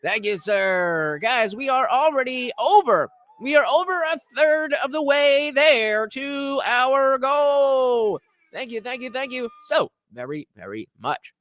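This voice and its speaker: A man hosting a live stream, reacting to a clip and excitedly thanking donors, sometimes breaking into shouts. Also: extremely high pitch, slow pace. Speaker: livestream reaction host. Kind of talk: casual live-stream chat.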